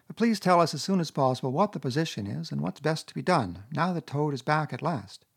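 A man's voice: fairly high pitch, animated, a little fast, creaky, husky, voice pushed up, exaggerated voice. A man voicing a sensible, anxious male water rat who pleads and frets. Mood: exasperated. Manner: fussy and pleading.

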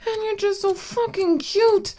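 A woman playing a possessive, teasing older-sister figure in an adult audio role-play, speaking in a commanding, breathy manner. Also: very high-pitched, steady tone, a little slow, warm tone.

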